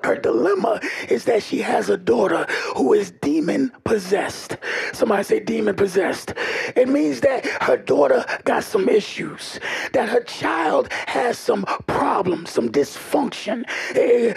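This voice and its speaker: A man preaching a sermon in a call-and-response style, often shouting and dropping humorous asides to the congregation. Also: very high-pitched. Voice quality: gravelly, raspy.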